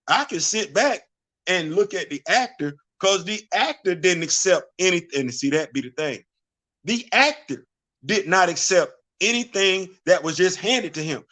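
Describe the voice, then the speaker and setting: A male vlogger holds forth in a casual, preachy register, circling back on his points and firing off rhetorical questions. His voice sits a touch higher than most men's. He leans hard on repetition to drive each point home. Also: fairly bright tone. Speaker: vlog host. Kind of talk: casual opinion commentary.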